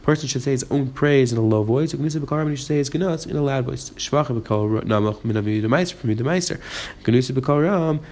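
A man teaching a Talmud page, quickly reading the Aramaic and explaining it in English. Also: medium pitch, a little mellow. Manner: rapid, mixing Aramaic and English. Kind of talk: fast daf yomi lesson.

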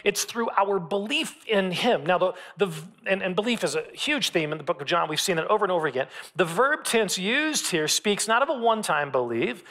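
A man giving a sermon as a pastor, talking in a relaxed, conversational way and often repeating his phrases. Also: high-pitched. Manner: conversational preaching, repeats phrases, varied pace.

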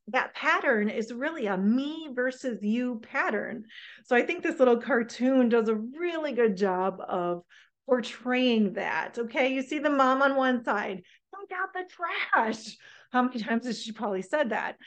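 A middle-aged woman presenting a parenting workshop in a lively, conversational way, often checking in with her listeners. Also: on the high side.

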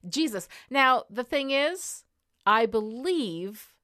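A woman's voice: high voice, animated, slow pace, sharp tone. A woman co-hosting a casual chat about a TV show, ranting in an exasperated, profane way. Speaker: podcast co-host.

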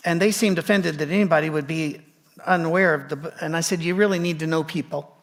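A man preaching a sermon in a conversational way, with joking asides and a gravelly voice. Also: a little high, steady tone, brisk. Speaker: pastor.

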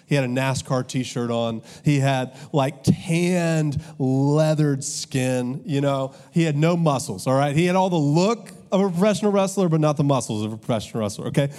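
Preaching at a moderate pace with few pauses, this pastor has a fairly high, slightly mellow voice. He tells stories in a conversational way and drops casual remarks to his congregation.

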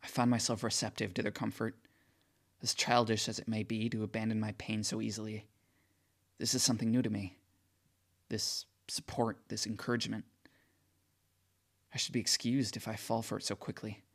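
A man's voice: on the low side, level tone, moderate pace, pauses often. A man reading first-person audiobook narration with emotional, tearful outbursts.

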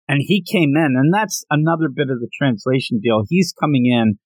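Brief: a jokey, animated male podcast co-host with a lively voice who often restarts his sentences, recorded dry. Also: medium pitch, brisk, hardly any pauses, dry recording. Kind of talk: casual chat.

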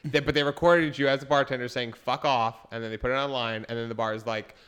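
A young man on a podcast, chatting casually and swearing freely as he tells animated stories. His voice is bright and smooth, and now and then it jumps to a loud shout. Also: mid-range voice, fast. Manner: animated storytelling with loud outbursts; frequent swearing. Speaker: podcast co-host. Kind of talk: casual chat.

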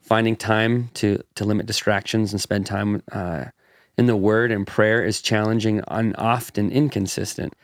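A man's voice: fairly low pitch, fairly even intonation, normal speed, no echo, clean studio sound. A man co-hosting a podcast who reads listener questions aloud and affirms the other speaker's answers. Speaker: podcast co-host. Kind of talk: casual podcast chat, reading listener questions.

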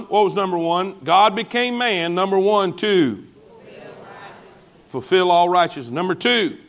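High-voiced preaching pastor, drawl. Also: male voice, fairly bright tone. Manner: preaching with call-and-response asides to the congregation. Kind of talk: sermon.

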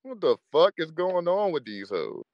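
A man's voice: a little high, big pitch swings, moderate pace, muffled recording, background noise. A man hosting a live audio room, ranting crudely and cursing with frequent laughter. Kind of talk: profane casual rant to listeners.

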